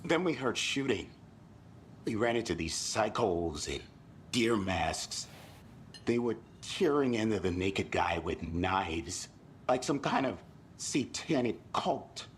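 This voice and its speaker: A man's voice: lowish voice, takes it slowly, slight background noise. A man voicing a jittery, rattled male tourist in a video game, telling what he saw in a rambling way. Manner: animated, rambling storyteller.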